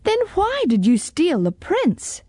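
A woman's voice: high-pitched, wildly swooping pitch, slow pace, dark tone, no room sound, clean studio sound, voice pushed up, full character voice. A woman reading a storybook aloud, voicing a brave young girl who wants to be a knight, firm and stern.

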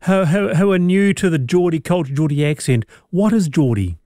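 A man hosting a radio talk show, lively and quick to laugh, speaking into a studio mic. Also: on the high side, no room sound. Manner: lively, laughing, repeats words. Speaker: radio host.

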